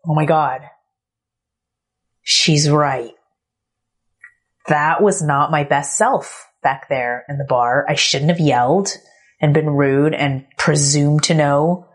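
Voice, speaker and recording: A woman in her thirties hosting a podcast, telling a candid personal story with a reflective tone and soft laughs. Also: low voice. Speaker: podcast host.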